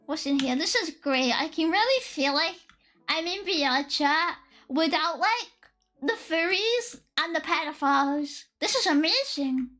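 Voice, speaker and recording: A young woman streaming live in casual chat, excitable and giggly, swearing freely as she thinks aloud. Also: high voice, unhurried. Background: faint lo-fi music.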